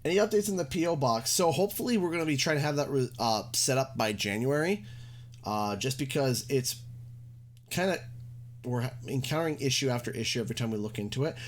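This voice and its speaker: A man's voice: medium pitch, a little fast. A young man from Canada, chatting casually and joking in a rambling way while live-streaming a game.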